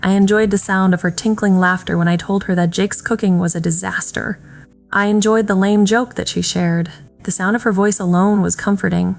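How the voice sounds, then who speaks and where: A woman's voice: mid-range voice, steady tone, fairly quick, gravelly. A woman giving a first-person, emotional reading of a dramatic romance audiobook, with faint music behind. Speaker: audiobook narrator.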